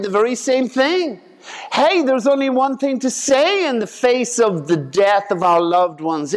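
A man preaching a conversational sermon in a folksy way, acting out voices with sudden leaps in pitch. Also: animated, a little slow. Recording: long reverb of a large hall.

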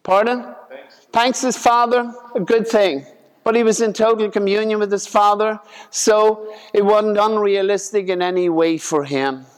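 A man preaching a conversational sermon in a folksy way, acting out voices with sudden leaps in pitch. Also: fairly even intonation, measured pace, clean tone. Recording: long reverb of a large hall.

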